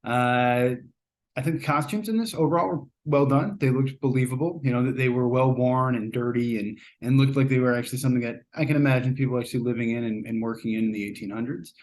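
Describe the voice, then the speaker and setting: A man's voice: medium pitch, fast talker. Rambling casual man reviewing a movie. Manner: relaxed, rambling, frequent ums and uhs.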